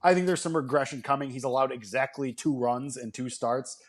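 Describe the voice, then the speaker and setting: A man co-hosting a sports betting podcast, laying out his picks in a relaxed, matter-of-fact way. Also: mid-range voice, a little fast. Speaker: co-host.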